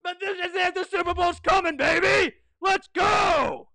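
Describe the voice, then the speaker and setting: High, gravelly, hyped-up podcast host. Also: brisk, dry recording. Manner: excitable, shouts, keeps asking "What?". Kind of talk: hyped-up sports preview monologue.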